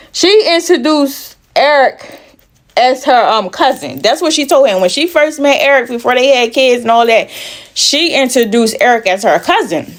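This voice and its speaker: A woman truck driver telling her own story in casual chat. She is blunt and profane, acts out the dialogue, and pauses to catch her breath. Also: on the high side.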